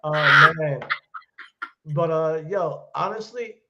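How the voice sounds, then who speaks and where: A man co-hosting a wrestling podcast in relaxed casual chat, laughing easily and using many fillers. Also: a little high, slow pace, very noisy. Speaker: podcast co-host. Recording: dull lo-fi sound.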